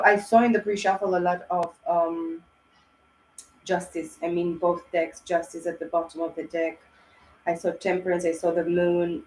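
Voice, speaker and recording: A woman talks through a tarot reading in a rambling, heartfelt way, full of fillers and restarts. Her voice sits low and keeps a flat, even pitch. The echoey room carries a faint hiss behind her. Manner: rambling, emotional, many fillers. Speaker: tarot reader. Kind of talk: casual tarot reading monologue.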